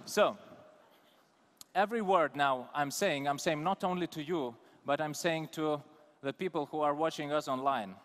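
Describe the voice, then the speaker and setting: In a large conference hall with long reverb, a man from Lithuania delivers a live talk in an Eastern European accent, poking fun at and calling out audience members. His voice is on the high side, fairly bright, and at a normal speed.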